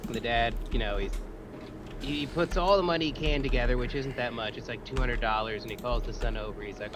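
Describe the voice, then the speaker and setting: Man, easygoing, halting casual joke-teller, noisy mic. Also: mid-range voice.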